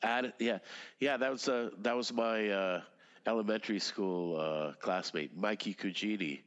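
A man's voice: on the low side, normal speed, a bit bright, smooth, in a large hall, muffled recording. A man in his fifties, a native Russian speaker, rambling casually as an interview guest, with lots of fillers, restarts and swearing. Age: 50s. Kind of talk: casual conversation.

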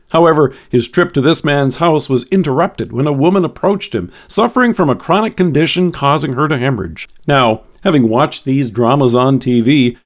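A man delivering a scripted devotional sermon in a measured, earnest reading voice. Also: medium pitch. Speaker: devotional speaker.

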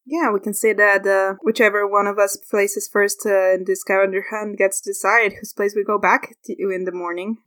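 A woman voicing a calm, friendly young woman in a tabletop game. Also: medium pitch, normal speed, hardly any pauses, no echo, natural voice. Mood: playful. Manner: calm and easygoing.

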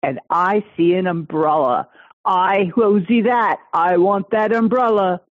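A woman playing an eager, chatty castaway who stammers with excitement, over a tinny phone-like line. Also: medium pitch, unhurried, no echo, lightly acted.

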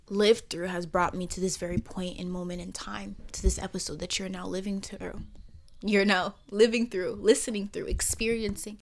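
A young Caribbean woman hosts her own podcast, delivering a personal monologue at a moderate pace in a flat manner. Her middle-pitched voice swings between emphatic rhetorical questions and soft, almost whispered asides.

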